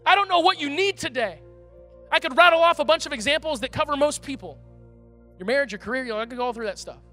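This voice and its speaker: A pastor preaching a sermon, animated and conversational, with emphatic outbursts. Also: male voice, extremely high pitch, fast talker. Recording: reverberant hall, faint music.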